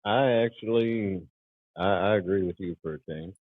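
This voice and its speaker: A man's voice: low voice, moderate pace, no echo, narrow, tinny audio. A man joining a podcast as a guest, bantering in a jokey, profane way. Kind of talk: casual podcast chat.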